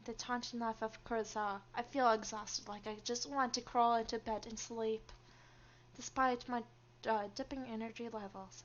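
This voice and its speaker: Young woman, high voice, game streamer, reads story text and chats, slightly dull lo-fi sound. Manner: chatty, reads story lines aloud, laughs often.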